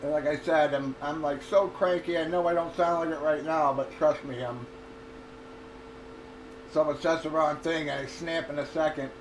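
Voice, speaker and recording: High-voiced middle-aged man, casual profane venting, heard from across an echoey room with faint background noise. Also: fairly even intonation, moderate pace. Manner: profane, blunt, laughs often. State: undergoing cancer treatment. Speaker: livestreamer. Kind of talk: casual chat. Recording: roomy echo, distant from mic, faint noise.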